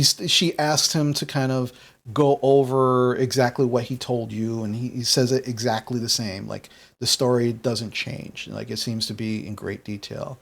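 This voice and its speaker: A man's voice: mid-range voice, vocal fry. A young man narrating a tabletop game as game master, loose and full of fillers.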